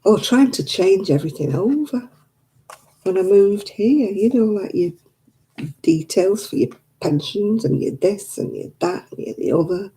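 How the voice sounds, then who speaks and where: A woman's voice: mid-range voice, animated, measured pace, dark tone, rough recording. An older woman, chatting casually with live viewers and grumbling in an exasperated way. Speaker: live streamer.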